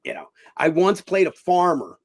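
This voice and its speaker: As an interview guest, this middle-aged man, once a boxer and now an actor, meanders through his stories with fillers, restarts and offhand cursing. He talks at a normal speed in a high-pitched voice that swings widely.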